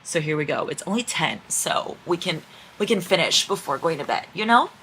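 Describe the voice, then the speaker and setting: A woman vlogging casually about a book series, excitable, swearing and reacting loudly as she reads. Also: low-pitched, normal speed, slight background noise, poor audio. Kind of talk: casual reading vlog.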